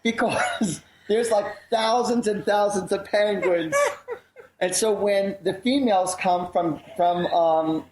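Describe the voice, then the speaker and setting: A man's voice: high voice, takes it slowly, echoey room, noisy background. A man co-hosting a radio show, chatting casually, joking and rambling with frequent laughs.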